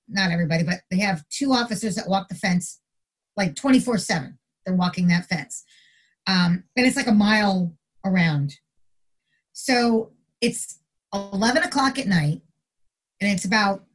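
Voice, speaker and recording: A middle-aged woman, a retired corrections officer, telling a story casually in an interview and acting out the quotes. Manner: animated storyteller, acts out quotes with big pitch jumps.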